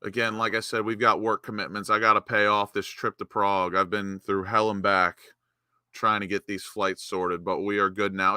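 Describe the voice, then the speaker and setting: A young man hosting a live football watchalong, giving excitable, emotional fan commentary into a close mic. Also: deep voice, smooth, dry recording. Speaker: watchalong host.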